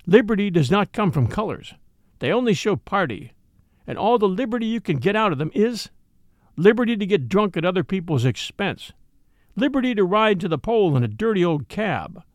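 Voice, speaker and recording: A man's voice: high voice, dry recording, clean studio sound. A man voicing a serious, principled working-class father and cab driver who speaks earnestly and firmly. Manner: earnest, firm, lecturing.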